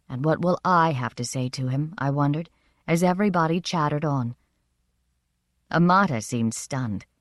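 A woman narrating a first-person story in a measured, expressive reading. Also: deep voice, no room sound, studio quality. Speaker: audiobook narrator.

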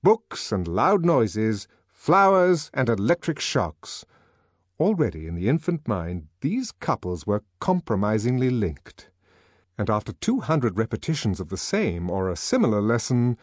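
A man reading an audiobook as narrator, in measured, expressive scripted storytelling. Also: medium pitch, no room sound.

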